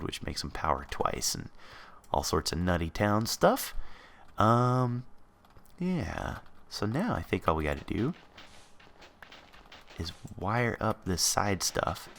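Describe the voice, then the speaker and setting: A man's voice: low-pitched, a bit bright. A man hosting a let's play, chatting casually and thinking aloud as he builds. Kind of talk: casual gameplay commentary.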